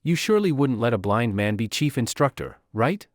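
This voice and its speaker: Male narrator as a sly young noble feigning blindness, whiny and pleading, animated delivery. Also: medium pitch, moderate pace, dry recording, studio quality, natural voice. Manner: wheedling, pleading, mock-pitiful.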